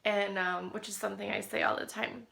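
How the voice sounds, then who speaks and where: A woman talks to the camera in a personal video diary about caring for her sick husband. Her voice is bright and gravelly. She is emotional and often sinks to a near whisper. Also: medium pitch, little pitch movement, a little fast.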